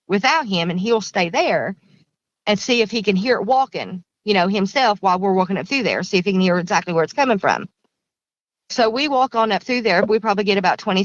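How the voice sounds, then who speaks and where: A woman's voice: medium pitch, no room sound. Woman, middle-aged, rambly storyteller, repeats stuff, muffled dry lo-fi audio. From Kentucky. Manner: rambling, repeats herself, plain country grammar. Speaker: guest recounting an encounter. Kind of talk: casual storytelling.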